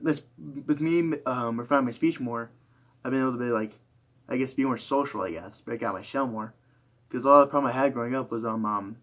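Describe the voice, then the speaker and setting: A tired young man talking through a rambling, reflective monologue, full of fillers and restarts. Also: mid-range voice. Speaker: YouTuber.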